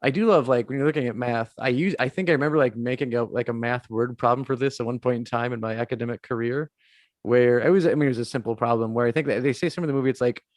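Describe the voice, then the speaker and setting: A man's voice: mid-range voice, racing, no echo. A man co-hosting a casual podcast chat, rambling with many fillers and chuckles. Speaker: podcast co-host.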